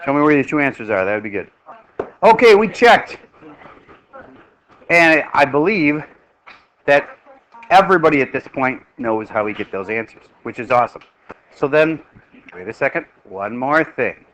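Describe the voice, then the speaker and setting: Bright-voiced joking male math teacher. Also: medium pitch, moderate pace, slight background noise, low-quality recording. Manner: lively, joking, quizzing the class. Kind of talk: classroom teaching. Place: classroom.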